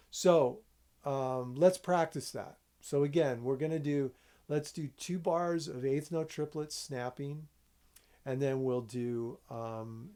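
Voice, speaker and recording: Guy teaching rhythm, kinda gravelly voice, laid back, keeps asking okay?. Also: mid-range voice. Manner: relaxed, explains step by step, checks in with "okay?". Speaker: music teacher. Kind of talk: rhythm lesson with counting and snapping.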